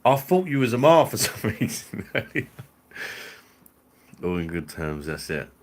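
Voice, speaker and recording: A man's voice: lowish voice, sing-song, a little slow, a little hiss or hum. A man hosting a live stream, chatting casually with viewers in jokey banter and laughing often.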